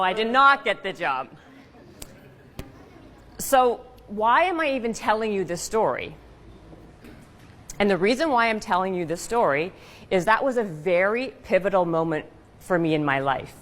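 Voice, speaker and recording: A woman's voice: medium pitch, long reverb tail. Woman telling a punchy story on stage. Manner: lively, punchy storytelling with rhetorical questions. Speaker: speaker giving a stage talk. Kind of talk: storytelling keynote talk.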